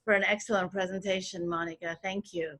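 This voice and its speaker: A woman's voice: fairly low pitch, level tone, fairly quick, background noise. A woman chairing a dissertation defense over a video call, appreciative and formal.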